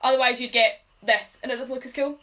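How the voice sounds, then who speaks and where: A woman's voice: high voice, steady tone, fast talker, pushed and bright, poor audio. Patient woman teaching drum rudiments. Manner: patient, counts beats aloud, frequent ums. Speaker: drum tutor. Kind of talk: live-streamed drumming lesson.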